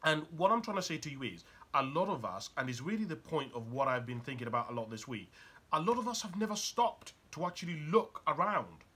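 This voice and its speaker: Man, motivational coach, bright tone, lively intonation, rhetorical questions. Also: on the high side, a little fast, slightly rough. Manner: rhetorical questions, emphatic storytelling. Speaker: life coach. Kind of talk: motivational monologue.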